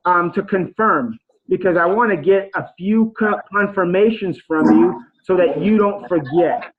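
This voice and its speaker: A man's voice: high-pitched, a little slow, narrow, tinny audio. A man giving a casual, rambling coaching talk on sales calls, acting out example phone conversations. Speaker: sales trainer.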